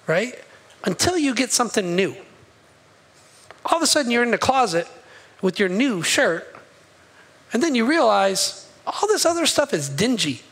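Male pastor, higher-pitched voice, casual storytelling sermon, loud one moment and hushed the next. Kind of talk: conversational sermon.

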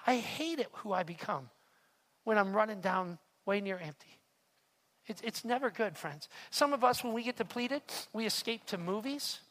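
A man's voice: high-pitched, expressive, moderate pace, a bit bright. A man preaching a sermon in an earnest, confessional way, often repeating words as he speaks to the room. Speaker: pastor. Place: church hall. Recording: long hall reverb.

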